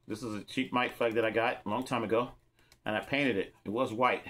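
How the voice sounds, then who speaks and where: Casual gear vlogger, middle-aged man from California, rambling and repetitive, mid-pitched, chatting straight to camera. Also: steady tone, brisk, a bit bright. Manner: rambling, repeats himself, talks straight to viewers. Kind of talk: casual show-and-tell demo.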